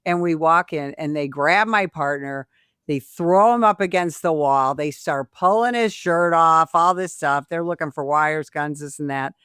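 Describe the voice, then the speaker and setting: In clean studio sound without any room noise, a woman with a deep, clean-toned voice talks a little slowly. She's a retired police sergeant from Illinois, animatedly telling a story in a casual interview and acting out each character's voice.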